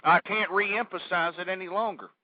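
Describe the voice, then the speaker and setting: An older talk radio host rants in a high-pitched voice, his words squeezed through a thin, phone-like line. He keeps saying "folks" and "I mean", and his anger climbs into shouting. The sound is dry, with no room around it. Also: fairly even intonation, normal speed, dry recording. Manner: ranting, building to furious shouting; repeats "folks" and "I mean" constantly. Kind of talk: political talk radio monologue.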